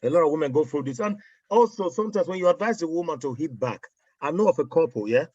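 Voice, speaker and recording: Animated nigerian man chatting. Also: fairly high pitch, fast, no echo. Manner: mixes in pidgin, animated storytelling. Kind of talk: casual chat. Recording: dry, muffled audio.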